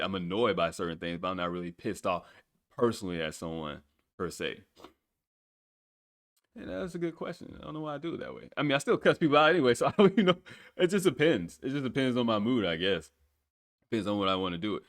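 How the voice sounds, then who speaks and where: Male solo podcast host, very low voice, loose rambling delivery with casual swearing. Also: fairly bright tone.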